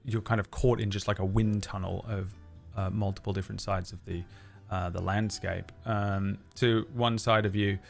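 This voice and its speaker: A man running a tabletop game as game master, describing scenes in an unhurried way with many fillers. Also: lowish voice, fairly even intonation, creaky, faint music behind.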